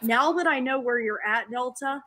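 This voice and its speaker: A woman's voice: sits high, normal speed, bright, forceful tone. A woman on a livestream panel, chatting casually and matter-of-factly, with many fillers.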